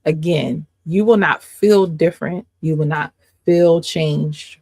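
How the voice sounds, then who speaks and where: A woman coach delivers an informal faith lesson straight to camera, pressing her points by repeating them. Her voice carries a gravelly fry, and the sound is close and dry with no room around it. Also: deep voice, a little mellow, no room sound. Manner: emphatic, repeats points, quick asides and laughs. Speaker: life coach and faith teacher. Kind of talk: casual faith teaching to camera.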